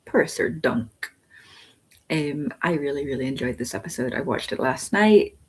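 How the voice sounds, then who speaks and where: A woman's voice: extremely low pitch, animated, moderate pace, slightly rough. A woman hosting a live book club stream, rambling casually about a TV episode and thinking aloud with lots of ums.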